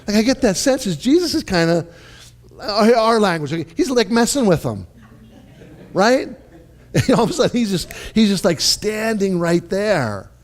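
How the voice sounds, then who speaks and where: A man preaching a sermon in a lively, conversational way, often checking in with his listeners and restarting his phrases. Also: sits high, moderate pace. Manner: animated, conversational, with repeated "right?" and restarts. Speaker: pastor.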